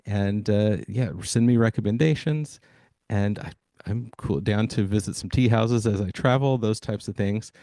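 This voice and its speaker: A man's voice: lowish voice, normal speed, warm tone, no echo. A man hosting a sales podcast, talking to listeners in an enthusiastic, hyping way with plenty of fillers. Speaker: podcast host. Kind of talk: energetic podcast monologue.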